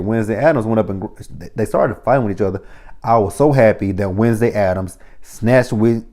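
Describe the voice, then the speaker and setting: A man recapping a reality TV episode in a casual monologue, blunt and profane. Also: fairly low pitch. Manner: blunt, profane, animated storytelling.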